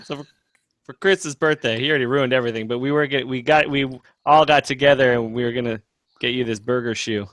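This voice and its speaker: A man's voice: medium pitch, fairly even intonation, fairly quick, a bit bright, no room sound, clean studio sound. A male podcast host talking casually and laid-back, with the odd swear word. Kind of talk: casual chat.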